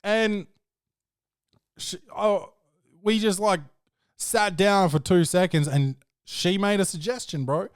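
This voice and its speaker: A man's voice: high voice, slow, long pauses, clean tone, no echo. A podcast host with a slightly raised voice, spinning loose, profane anecdotes. He tells them off the cuff and keeps tossing in "bro". The sound is dry and close. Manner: rambling, profane storytelling, peppered with "bro". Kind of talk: casual chat.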